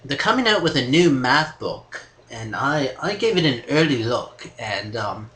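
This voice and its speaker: A man's voice: mid-range voice, big pitch swings, measured pace, a bit bright. A man hosting a comedic podcast, hesitant and full of restarts as he tries to keep the talk on track. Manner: hesitant, full of ums and restarts, growing exasperated. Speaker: podcast host steering the talk. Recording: roomy echoey room.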